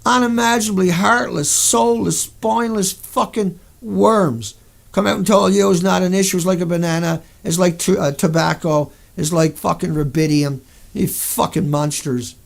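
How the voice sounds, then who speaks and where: A man's voice: high voice, vocal fry. A man hosting a video, delivering an angry monologue over pictures in a furious, profane rant full of sudden outbursts. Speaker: video host.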